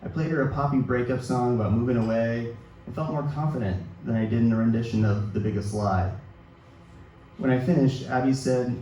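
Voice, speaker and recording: A man in his thirties reads his personal essay to a live audience, measured and quietly self-deprecating. His voice is mellow and dark at a middling pitch. It comes from well off the mic and rings around a very echoey hall over a faint hiss. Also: distant mic. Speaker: author reading his own work. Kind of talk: literary reading of a personal essay. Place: event hall at a book release reading.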